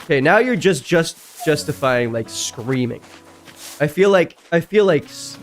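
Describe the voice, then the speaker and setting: A man's voice: lively intonation, moderate pace, faint music behind. Chatty man streamer reading stories. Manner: chatty, reacts loudly and jumps high in pitch. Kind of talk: reading online stories aloud with casual reactions.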